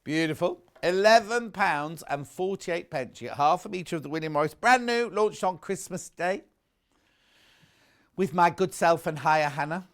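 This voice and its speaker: Male home-shopping presenter: chatty, effusive, animated delivery. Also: sits high, moderate pace. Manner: chatty, gushing, self-correcting. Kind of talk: live TV sales pitch.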